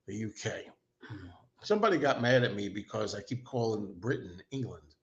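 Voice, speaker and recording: A man's voice: on the low side, normal speed, highs cut off. A man hosting a casual livestream, rambling and self-deprecating, talking as an enthusiastic fan. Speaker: host.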